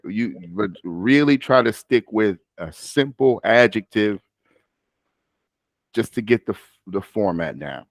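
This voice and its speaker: A man's voice: on the low side, expressive, takes it slowly, dry recording, clean studio sound. A man tutoring a student in spoken English, patient and coaching, often stopping himself mid-sentence. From United States. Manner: patient, coaching, self-interrupting. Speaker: speaking tutor. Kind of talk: one-on-one practice session.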